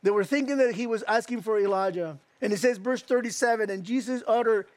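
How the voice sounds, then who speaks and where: High-voiced earnest male preacher, dry sound. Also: a little fast, a little mellow, dry recording. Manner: storytelling, repeats words, earnest. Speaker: pastor. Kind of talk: sermon.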